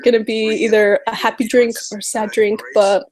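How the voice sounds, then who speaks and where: A female political vlogger talks casually to camera in a fairly high voice at normal speed, nervous, exasperated and animated, mocking others by quoting them. She fills her speech with "um" and "you know," and the recording is rough.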